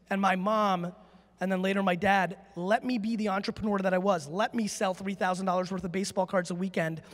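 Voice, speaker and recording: A high-voiced man speaks from a conference stage, brash and emphatic, swearing freely as he drives his points home. His voice rings out with the long reverb of a big hall. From United States. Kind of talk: live stage talk with audience Q&A.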